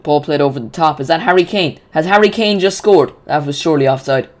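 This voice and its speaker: A man hosts a live football watch-along with a slightly high, lively voice. He gets excitable and chatty and often restarts his sentences as he reacts to the match. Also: fairly quick.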